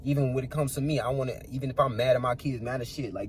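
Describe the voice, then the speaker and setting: A man's voice: mid-range voice, steady tone, quick pace, slight background noise. A young man talking in a rambling, earnest monologue about faith and family, repeating himself and swearing freely. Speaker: channel creator. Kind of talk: casual spiritual monologue.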